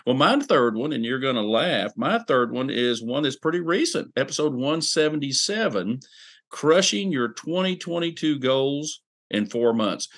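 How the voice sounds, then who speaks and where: Earnest male podcast host. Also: medium pitch. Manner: earnest, encouraging, tells stories. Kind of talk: casual podcast chat.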